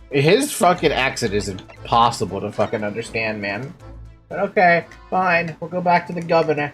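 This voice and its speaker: A woman's voice: low-pitched, expressive, normal speed, soft background music. A woman giving casual, blunt commentary over a game playthrough, swearing freely. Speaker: let's play streamer.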